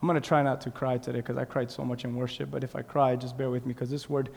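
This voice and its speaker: A man preaching a sermon in a church, swinging between shouted, drawn-out lines and quiet, confiding asides. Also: medium pitch, little pitch movement, gravelly. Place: church sanctuary. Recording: long reverb in a large hall.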